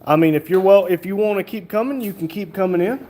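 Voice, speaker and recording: A man's voice: high-pitched, fast talker, mellow, a little hiss or hum. A man hosting a casual livestream, reading viewer comments aloud and joking along. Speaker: livestream host reading chat.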